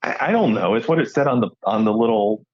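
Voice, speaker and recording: A man's voice: fairly low pitch, expressive, fast, highs cut off. A man co-hosting a podcast, telling stories in a rambling, jokey way with lots of restarts. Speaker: podcast co-host. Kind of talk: casual comedic chat.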